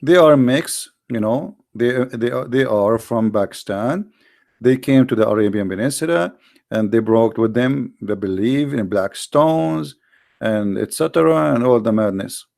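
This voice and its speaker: Gravelly man firing rhetorical questions. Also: medium pitch, a little mellow. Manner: combative, rhetorical questioning, mocking. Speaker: Christian apologetics presenter. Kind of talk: argumentative religious talk.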